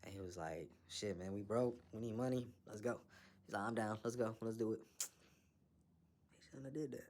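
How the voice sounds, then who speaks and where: A man's voice: fairly low pitch, normal speed, long pauses, darkish tone. A man recaps an anime episode in loose, profane slang. He laughs often and acts out the characters' lines as he talks. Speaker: anime reviewer. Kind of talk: casual recap with commentary.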